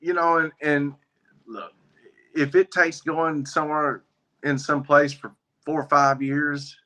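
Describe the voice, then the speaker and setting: A man's voice: fairly high pitch, takes it slowly. A man, a guest on a faith interview show, telling a story in a casual, folksy way and acting out the dialogue. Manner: folksy, relaxed, acts out quoted dialogue. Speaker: guest, biker ministry member.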